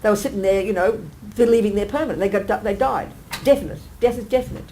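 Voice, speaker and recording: A woman's voice: medium pitch, fast, dark tone, rough recording. Blunt woman teaching dharma. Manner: blunt, emphatic, colloquial, rhetorical questions. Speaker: Buddhist nun teaching. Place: meditation centre teaching hall.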